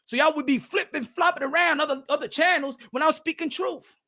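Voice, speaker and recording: A man hosting a boxing channel on a live stream, excitable and profane, swinging between loud outbursts and low muttering, with Spanish words mixed in. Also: brisk.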